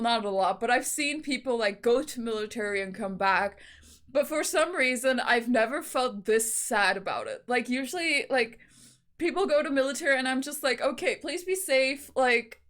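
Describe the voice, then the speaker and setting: High-voiced young woman gushing emotionally. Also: fairly bright tone. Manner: gushing, heavy "like" fillers, laughing through tears. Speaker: reaction video host. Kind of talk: emotional fan reaction chat.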